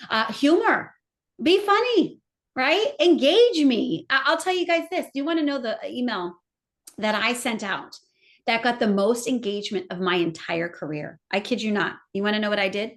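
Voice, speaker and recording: A woman's voice: mid-range voice, a little fast. A middle-aged woman giving an enthusiastic seminar talk on marketing, speaking straight to her audience. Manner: enthusiastic, animated, addresses audience directly. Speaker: marketing trainer. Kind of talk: live seminar presentation.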